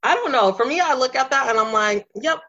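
A young adult woman hosting a casual chat, telling stories expressively and reacting with quick interjections. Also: high-pitched. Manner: expressive storyteller, lively reactions, reads tweets aloud. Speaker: podcast host. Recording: slightly dull lo-fi sound.

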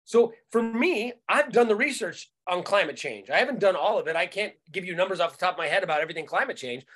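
A man's voice: high-pitched, lively intonation, fast, a bit bright. Profane, ranting male podcast host. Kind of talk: casual podcast chat.

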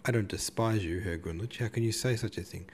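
A flustered, earnest young woman, read by a man in his own low voice. The pitch stays deep throughout, with faint noise underneath. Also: a little fast, darkish tone, close to an everyday voice. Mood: consoling. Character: young woman, frightened then consoling.

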